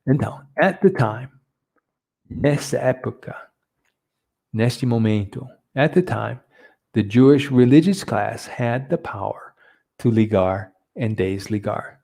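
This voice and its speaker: A man teaching a Bible lesson, halting often with fillers and restarts. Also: mid-range voice, animated, gravelly, dark tone. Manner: hesitant, many fillers and restarts, switching between two languages.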